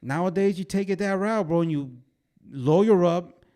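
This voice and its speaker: A man in his twenties co-hosting a podcast, telling animated stories in casual chat full of fillers like "way" and "bro". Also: sits high, moderate pace. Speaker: podcast co-host.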